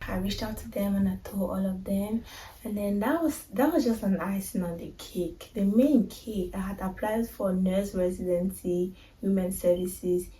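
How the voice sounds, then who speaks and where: A young vlogger tells her viewers a personal story directly, in a confiding, emotional way. Her medium-pitched voice is mellow and a little dark, and she sits back from the microphone in an echoey room.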